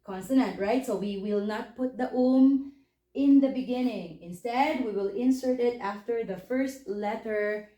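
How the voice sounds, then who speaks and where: A woman's voice: fairly high pitch, unhurried, mellow, echoey room. A woman teaching a language lesson, patiently explaining step by step and checking in with questions. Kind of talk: spoken lesson.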